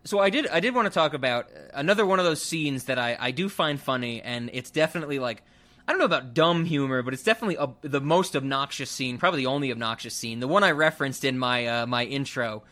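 A man hosting a casual movie-review podcast, talking in an animated way and laughing often. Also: medium pitch, fast.

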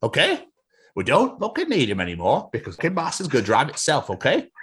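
A man's voice: medium pitch, wildly swooping pitch, a little fast, slightly rough, voice pushed up, full character voice. A man putting on a bossy Yorkshire bloke. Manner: pushy, impatient, shouty. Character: bossy swearing northern man ordering wipers removed.

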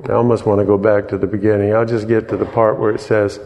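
A man preaching a sermon, teaching slowly and explaining word by word with frequent pauses and fillers. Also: fairly low pitch, level tone, mellow, long reverb tail, slight background noise. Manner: slow, explanatory teaching with hesitations.

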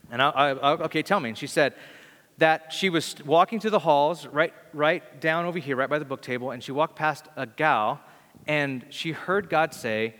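A pastor with a fairly high, fairly bright voice tells sermon stories at a moderate pace, keeping things casual and voicing the characters he quotes. He's recorded in a church hall with a long reverb tail.

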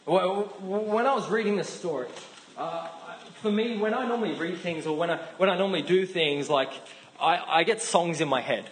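An Australian man preaches in a relaxed, chatty way, often repeating and restarting his words. His voice sits slightly high, and faint room sound is heard behind him. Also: normal speed, slight background noise, rough recording. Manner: chatty, informal, with frequent restarts. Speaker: pastor. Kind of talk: sermon.

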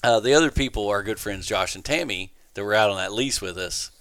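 Man, podcast guest, storytelling, bright forceful voice, dry sound. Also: on the low side, a little fast, smooth, dry recording. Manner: animated, laughing storyteller who acts out quotes. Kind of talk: casual storytelling.

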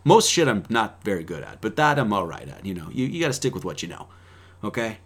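A man preaching in a fiery, profane way, swinging between loud outbursts and quiet asides. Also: lowish voice, sing-song, fast, husky. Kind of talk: profane sermon-style talk.

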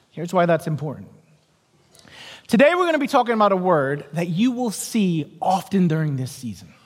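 High-voiced pastor in a reverberant church. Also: male voice, a bit bright. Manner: storytelling with quoted voices and dry self-deprecating humor. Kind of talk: sermon. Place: church sanctuary.

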